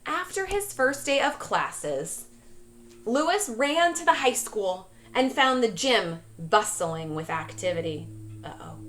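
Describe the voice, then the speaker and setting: Woman teacher, expressive read-aloud, animated, higher voice. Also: slow pace, slight background noise. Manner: questioning, expressive. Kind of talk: reading a storybook to a class.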